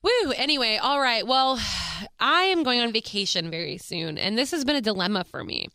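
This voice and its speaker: A woman's voice: a little high, lively intonation, moderate pace, pushed and bright, clear, resonant tone, dry recording, clean studio sound. An American woman hosting her own podcast, chatting casually with a bubbly, gushing manner and frequent laughs. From United States. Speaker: podcast host.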